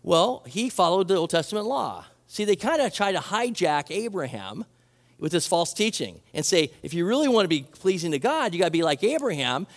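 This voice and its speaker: In a big-sounding room, a pastor with a voice that sits high delivers a sermon. His style is lively and conversational, voicing the people he quotes and often restarting phrases.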